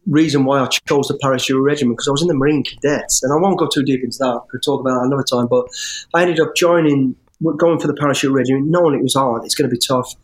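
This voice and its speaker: A middle-aged man, an interview guest telling his life story in an animated, rambling way with restarts and swearing. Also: medium pitch, quick pace. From English West Midlands. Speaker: interview guest, former soldier. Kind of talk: storytelling in conversation.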